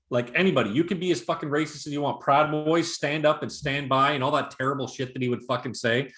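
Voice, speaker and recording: A man co-hosting a casual podcast, swearing often as he rants in lively bursts. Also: medium pitch, a little fast, few pauses, roomy sound. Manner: profane, ranting, animated. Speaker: podcast co-host. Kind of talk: casual chat.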